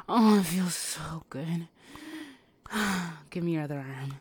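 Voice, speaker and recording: A woman in a whispered role-play, teasing and giving commands between breathy whispers and sighs. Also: lowish voice, takes it slowly, no room sound. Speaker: audio role-play performer.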